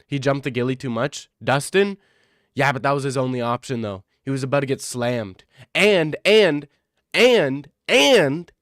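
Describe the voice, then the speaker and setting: Man, streamer, casual chat with viewers, excitable, swears a lot, repeats phrases, dry close sound. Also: medium pitch, clear, resonant tone, no echo.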